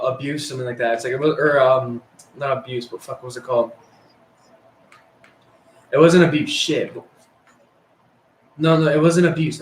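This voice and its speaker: A man's voice: mid-range voice, a little hiss or hum. Rambling, profane young man in an echoey room. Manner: rambling, profane, filler-heavy. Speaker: storyteller. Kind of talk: casual storytelling.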